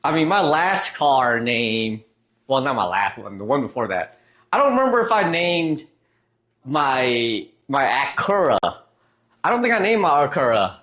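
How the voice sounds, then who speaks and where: A man's voice: mid-range voice, big pitch swings, measured pace, fairly bright tone. A man streaming live, chatting casually and reading out chat messages, trailing off and restarting as he goes.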